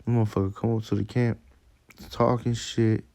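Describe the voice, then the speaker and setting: Low, gravelly man, profane street preacher, dry sound. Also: little pitch movement, moderate pace, dark tone, no room sound. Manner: profane, emphatic, laughs at his own stories. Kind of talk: casual preaching monologue.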